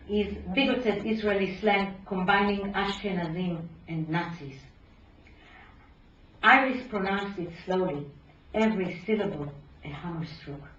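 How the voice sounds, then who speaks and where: A woman professor reading aloud from her book at a lecture, measured, dropping low at phrase ends. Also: fairly bright tone. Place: lecture hall. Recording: roomy hall, distant dull mic.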